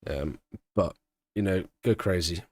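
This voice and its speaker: A man's voice: deep voice, a little slow, dry recording. A man streaming a live race watch-along, giving casual commentary and answering questions from his chat. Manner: chatty, answers chat questions, breaks into excited shouting at big moments.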